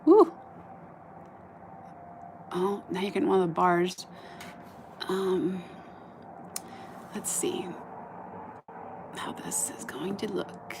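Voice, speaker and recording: A woman live streaming outdoors at night into a phone on a stand, chatting in a bubbly way and often dropping to a soft murmur. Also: lowish voice, fairly even intonation, very slow, creaky, pauses often, background noise. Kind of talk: casual live stream chat. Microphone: phone camera on a stand.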